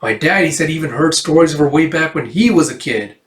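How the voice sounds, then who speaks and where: Hot-headed backwoods hunter, loud rough drawl, echoey room, voiced by a man. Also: on the high side, animated, fast, recorded from a distance, voice pushed up, natural voice. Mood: angry.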